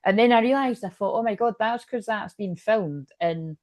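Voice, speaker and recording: A woman's voice: mid-range voice, moderate pace, darkish tone, no room sound, studio quality. A middle-aged woman giving a casual, meandering tarot reading, chatty and full of asides. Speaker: tarot reader.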